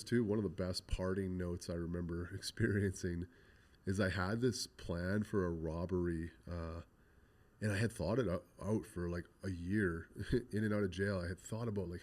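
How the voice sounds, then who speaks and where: A man's voice: deep voice, moderate pace. A man, a guest graffiti artist, telling his life story in an interview, blunt and profane, acting out past conversations. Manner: blunt, profane, animated retelling with quoted dialogue.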